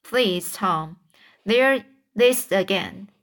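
A woman's voice: medium pitch, lively intonation, very slow, a bit bright, exaggerated voice. A woman voicing Huck, a timid, superstitious boy whispering in fear in a storybook reading. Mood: fearful. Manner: fearful whispering.

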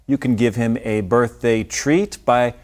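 A man co-hosting a scripted English lesson, explaining an idiom with clear, patient examples. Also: medium pitch, a little slow, darkish tone. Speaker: English teacher. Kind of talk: scripted language lesson dialogue.

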